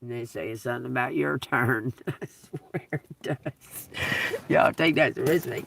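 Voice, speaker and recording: A man live-streaming a psychic reading from inside a car, talking slowly, spelling out letters and swearing casually. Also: mid-range voice, vocal fry, fairly bright tone, breathy edge, dry recording, distant mic.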